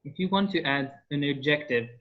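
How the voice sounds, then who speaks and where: Speaking brisk, a native French speaker tutoring French over a video call guides his online class patiently, one prompt at a time. He's a man with a slightly high voice and lively intonation, heard through dull, lo-fi call audio.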